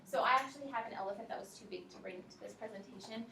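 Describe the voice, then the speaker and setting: A woman teacher giving a workshop presentation to other teachers, talking in a relaxed, practical way and speaking straight to her audience. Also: fairly high pitch, fast, gravelly, a little hiss or hum. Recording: echoey room, mic from a distance.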